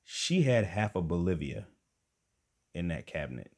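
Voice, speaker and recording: Young man, low voice, chatty storyteller who addresses the audience. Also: measured pace. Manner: animated, conversational, addresses listeners directly. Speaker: storyteller and podcast host. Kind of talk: comic personal storytelling.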